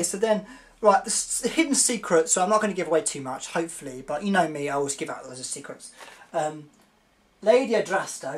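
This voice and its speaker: Woman rambling through a review, giggly and excitable, lowish voice. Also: a little hiss or hum. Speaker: video reviewer. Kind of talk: casual spoken review.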